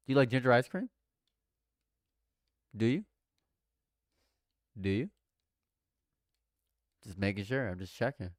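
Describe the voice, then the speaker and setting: A young man in a casual live stream, talking over his reactions and teasing his chat. His voice leaps up into loud exclaimed questions, then drops to quiet mumbling, often repeating himself. The sound is dry and close, with no room echo. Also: lively intonation, slow pace, pauses often. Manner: swings between loud exclamations and low mutters; repeats phrases, banters with chat. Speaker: livestream commentator.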